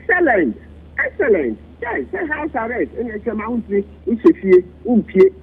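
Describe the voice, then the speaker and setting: A husky, raspy Ghanaian man arguing a point on a radio talk show, his voice leaping high and low with lively emphasis. The sound is thin and dull, like an old broadcast feed. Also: normal speed. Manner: animated, swinging pitch, mixing languages. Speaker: political commentator. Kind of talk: animated radio discussion.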